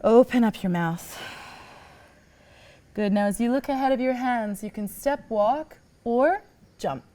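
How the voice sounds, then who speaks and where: A woman leads a yoga class, cueing each pose in a calm, encouraging way. She is slightly out of breath as she moves through the flow herself. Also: a little high, measured pace. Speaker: yoga teacher. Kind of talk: guided yoga class instruction.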